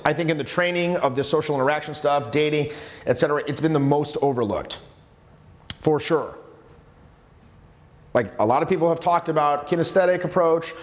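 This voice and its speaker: A man coaching a live workshop on social skills, talking in an animated, emphatic way with many restarts. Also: mid-range voice. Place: seminar room with students. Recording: echoey room.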